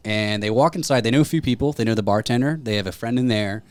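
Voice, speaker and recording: A man's voice: lowish voice, fast, no echo. A man on a podcast telling a story in casual chat, acting out the people he quotes. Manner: animated retelling with quoted voices. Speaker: podcast co-host.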